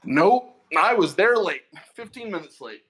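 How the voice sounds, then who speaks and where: A man's voice: high-pitched, measured pace, slightly rough. A man casually telling a long story about his day at work, stammering now and then as he co-hosts a podcast. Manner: animated storytelling, stammers at starts. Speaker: podcast co-host.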